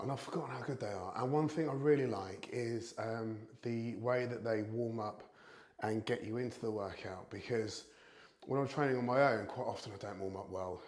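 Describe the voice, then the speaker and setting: A man's voice: lowish voice, a little mellow, roomy sound. A British man chatting casually as he reviews home fitness gear, thinking aloud with a self-deprecating manner. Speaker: product reviewer.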